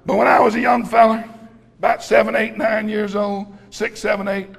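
A middle-aged man preaching a folksy, rousing sermon, often breaking into shouts. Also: high-pitched, flat delivery, normal speed, gravelly.

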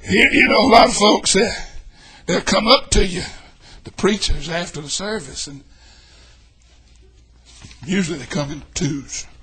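A man with a Southern US accent preaching a sermon as a pastor, exuberant and shouting, breaking into high whoops and laughter. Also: animated, measured pace, long pauses, a crowd in the background. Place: church sanctuary.

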